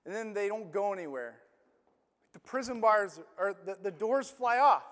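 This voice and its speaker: A man preaching a sermon. He retells a story in an animated, conversational way, full of "like" fillers. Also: sits high, moderate pace, in a large hall.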